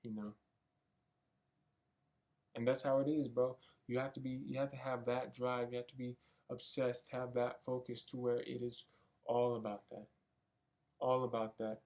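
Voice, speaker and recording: A young man thinking out loud in a rambling motivational monologue, casual and sometimes swearing. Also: mid-range voice, level tone, normal speed, long pauses. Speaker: vlogger. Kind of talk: motivational self-talk monologue.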